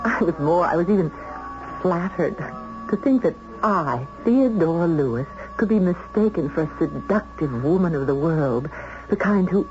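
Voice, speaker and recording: Woman acting a timid young secretary, stammering, prim, lively pitch, muffled old radio with hiss. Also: moderate pace, music in the background, close to an everyday voice. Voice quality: flustered, stammering. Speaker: radio drama actress. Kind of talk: 1970s radio drama acting. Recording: dull old radio broadcast with faint hiss.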